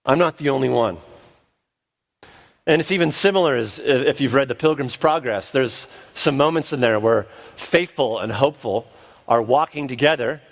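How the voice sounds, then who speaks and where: A man preaching an expository sermon at his church, conversational and self-deprecating, with frequent restarts. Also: mid-range voice. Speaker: pastor.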